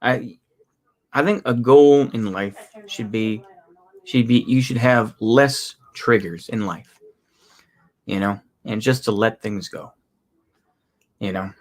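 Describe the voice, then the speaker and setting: A man in his thirties with a Texan accent, talking casually to his livestream chat in a rambling, halting way with many restarts. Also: mid-range voice. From Texas.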